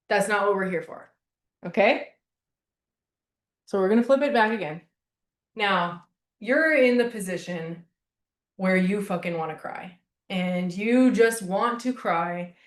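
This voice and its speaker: Woman, class facilitator, casual coaching, emphatic, repeats herself, swears casually, middle pitch, roomy echo.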